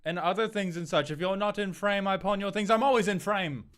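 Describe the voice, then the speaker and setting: A man's voice: high-pitched, brisk, a bit bright, smooth, pitched above the performer's own voice. A man voicing a snobbish, scornful rich older British man with a put-on upper-class British accent, drawing out his vowels and tossing out haughty insults.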